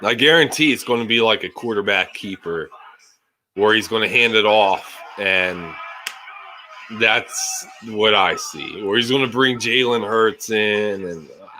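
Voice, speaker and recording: Slow-talking, bright-voiced man ranting at a game. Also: lowish voice, a little hiss or hum. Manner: frustrated, swearing fan rants. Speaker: streamer reacting to a football game. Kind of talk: live game reaction and commentary.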